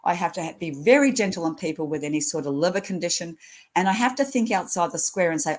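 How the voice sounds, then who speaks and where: A woman's voice: on the low side, expressive, fast talker, a little mellow. A woman in her sixties, a nurse educator speaking as an interview guest in a blunt, earthy way, often laughing as she tells stories. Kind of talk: casual interview chat.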